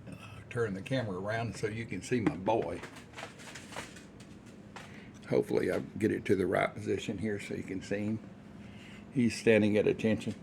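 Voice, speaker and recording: An older man with a very low, deep voice talks through his home cooking in a relaxed, rambling, folksy way. A faint hiss of background noise sits under his speech. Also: a little fast, gravelly. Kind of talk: casual cooking vlog chat.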